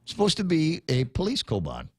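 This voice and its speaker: A man hosting a talk radio show, ranting in an animated, conversational way. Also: on the high side, brisk, breathy edge, no room sound, clean studio sound.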